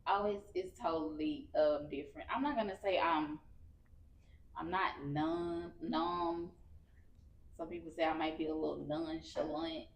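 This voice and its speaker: Candid woman guest, lowish voice. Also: steady tone, a little slow, slight background noise. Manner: candid storytelling, emotional, colloquial. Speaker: podcast guest, cancer survivor. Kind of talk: casual heartfelt interview.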